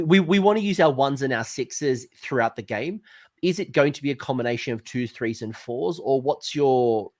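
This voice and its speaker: A man's voice: mid-range voice, darkish tone. A man hosting a casual tabletop gaming chat, talkative, stumbling over his words and asking questions. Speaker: podcast host.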